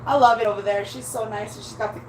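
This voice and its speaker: A woman's voice: medium pitch, steady tone, fast, slight background noise, rough recording. A woman vlogging from home in a rambling, emotional way, swearing freely and close to tears. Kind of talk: casual chat to viewers. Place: at home indoors.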